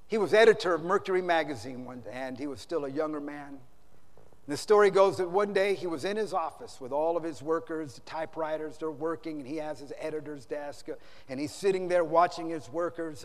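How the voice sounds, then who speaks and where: A male pastor preaching a sermon at a conference, telling stories dramatically and swinging between loud and hushed. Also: on the high side. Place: large conference hall. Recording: reverberant large hall.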